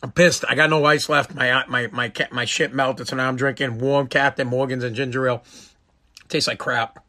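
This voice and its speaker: A man's voice: mid-range voice, fairly even intonation, moderate pace, pushed and bright. A man hosting his own podcast, delivering a profane, exasperated rant in a casual monologue streamed live from home. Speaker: podcast host.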